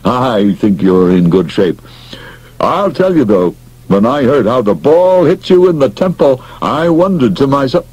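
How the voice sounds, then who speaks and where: A man doing a measured hospital doctor. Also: medium pitch, sing-song, darkish tone, husky, voice pushed up, rough recording. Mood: calm. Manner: measured, professional. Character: professional male hospital doctor, calm then shaken. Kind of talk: audiobook character voice.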